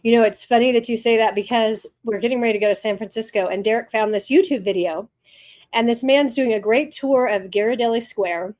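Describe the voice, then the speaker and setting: A woman's voice: on the high side, fairly quick, a little mellow. A woman hosting an interview podcast, upbeat, asking open questions. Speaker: podcast host.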